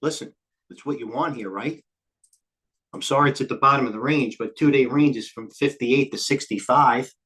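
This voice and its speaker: An older man hosting a live trading stream, talking quickly and jumping between stock tickers, a little out of breath. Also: mid-range voice, pushed and bright. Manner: rapid, scattered, jumps between tickers. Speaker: trading show host. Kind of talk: live market commentary.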